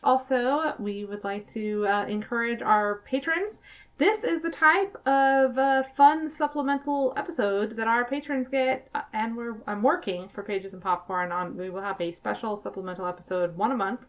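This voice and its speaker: A woman's voice: fairly high pitch, moderate pace, dull audio. Chatty woman podcast host. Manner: chatty, laughs often, emphatic. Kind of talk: casual podcast chat.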